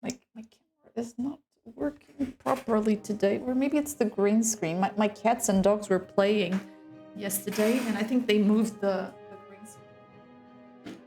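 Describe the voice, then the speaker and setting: A woman's voice: mid-range voice, normal speed, warm tone, soft background music. A woman chatting casually while streaming a game from home, talking to her chat and pets. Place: home room.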